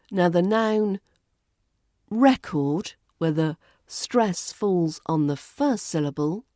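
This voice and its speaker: A woman with a British RP accent teaching pronunciation on a podcast, deliberately stretching out example words. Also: lowish voice, darkish tone, dry recording, clean studio sound. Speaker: accent coach.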